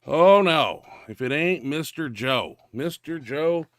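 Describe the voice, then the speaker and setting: A man's voice: on the high side, animated, slow, dry recording, studio quality. A man hosting a powerlifting show, rambling casually over lifting videos with restarts and filler.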